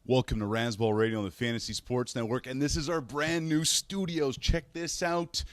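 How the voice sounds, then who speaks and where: A Canadian man hosting a fantasy sports radio show from a hotel room, telling road stories in a chatty, animated way and acting out the people he quotes. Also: mid-range voice, normal speed, dry recording. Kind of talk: casual solo show, storytelling.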